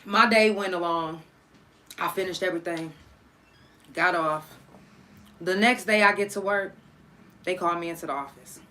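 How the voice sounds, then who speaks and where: A young woman hosting a podcast, telling a personal story in casual, profane, animated talk and acting out the people she quotes. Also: lowish voice, moderate pace, long pauses, slight background noise.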